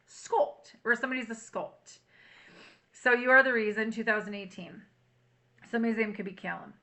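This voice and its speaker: A woman's voice: fairly high pitch, normal speed, pushed and bright. A woman doing a casual tarot reading to camera, chatty and emotional, reading song lyrics aloud. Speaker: tarot reader.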